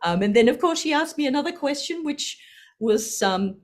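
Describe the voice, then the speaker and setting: A woman's voice: sits high, animated, normal speed. An older woman sharing a personal story, laughing often and acting out the voices in her quotes.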